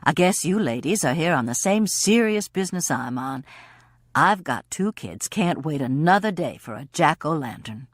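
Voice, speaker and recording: A woman's voice: deep voice, animated, moderate pace, no room sound, clean studio sound. A woman doing a genial good-old-boy senator.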